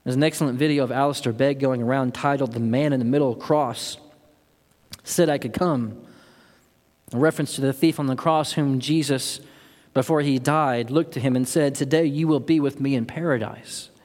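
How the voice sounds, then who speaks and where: A man's voice: mid-range voice, fairly even intonation, moderate pace, darkish tone. A man preaching a sermon as pastor, earnest and building to impassioned emphasis. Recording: long hall reverb.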